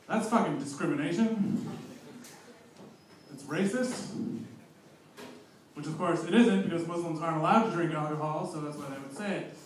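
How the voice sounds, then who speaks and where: A man's voice: a little high, a little hiss or hum. A man doing a stand-up comedy set on a club stage, rambling and self-mocking with plenty of fillers. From abroad, living in New Zealand a year. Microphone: handheld stage mic. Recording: roomy club sound from far off.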